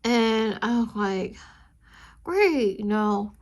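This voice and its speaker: A woman chatting casually with viewers while she inks a drawing, rambling and chatty, with a high squeaky voice. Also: a little slow, creaky. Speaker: art channel host.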